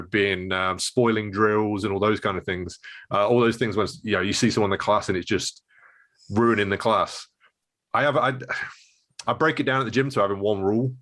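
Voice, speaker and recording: Low-voiced, thoughtful gym owner. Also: male voice, fairly bright tone. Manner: thoughtful, hesitant, thinks aloud. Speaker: martial arts gym owner and co-host. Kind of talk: casual podcast chat.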